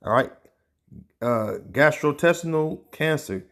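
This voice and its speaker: An online preacher whose voice is on the high side, animated and a bit bright, teaches religion informally. He keeps it casual with many fillers such as "man" and "all right," pausing to search as he reads scripture and news out loud.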